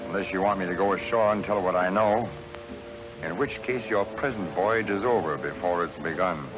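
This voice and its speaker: An actor in a 1940s film playing a bitter sailor who accuses and threatens. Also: male voice, deep voice, moderate pace, music in the background, lightly acted, rough recording. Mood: menacing. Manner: menacing, accusing. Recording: 1940s film soundtrack with score.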